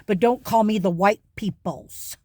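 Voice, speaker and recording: A woman's voice: mid-range voice, measured pace, dark tone, no room sound. Indignant woman ranting to camera. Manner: indignant, emphatic, repeats words for stress. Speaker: vlogger. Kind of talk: direct-to-camera rant.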